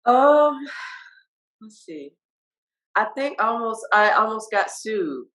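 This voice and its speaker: A woman from Virginia, a rapper guest on a casual podcast, talking in a relaxed, candid way with casual swearing and hesitant fillers. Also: on the high side, slow pace, rough recording.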